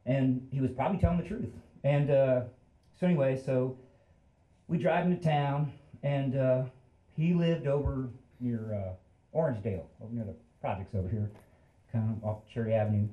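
A man's voice: a little high, moderate pace, mellow, roomy sound, slight background noise, low-quality recording. A man in his fifties telling a story on a live stage in a casual, rambling, self-deprecating way. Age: 50s.

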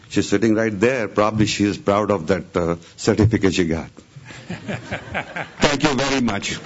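A man from Pakistan giving a formal short speech as a new citizen, telling a family anecdote. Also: on the low side. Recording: dull lo-fi recording.

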